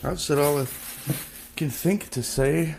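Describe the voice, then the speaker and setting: Gravelly, rambling man with a phone. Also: fairly high pitch, measured pace, noisy background. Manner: rambling, swears freely, thinks aloud. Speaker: podcast host, delivery driver. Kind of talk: casual rambling vlog. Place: outdoors at home.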